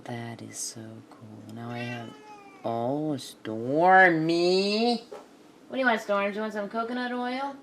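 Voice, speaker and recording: A woman's voice: low voice, flat delivery, normal speed, slight background noise. A woman chatting casually to herself while she crafts, muttering and laughing often. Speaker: craft video maker.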